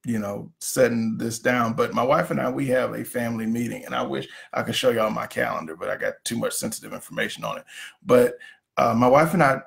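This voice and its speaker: A man in his thirties, a pastor, talking earnestly and haltingly about his marriage on a livestream. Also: medium pitch, gravelly, a bit bright. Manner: earnest, halting, with many restarts. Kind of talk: candid couple talk on a livestream.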